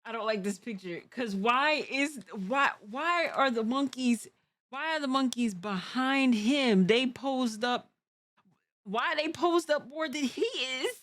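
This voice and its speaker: A woman streaming a reaction video, chatting casually with lots of slang and quick reactions. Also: high-pitched, fairly bright tone. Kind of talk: casual chat.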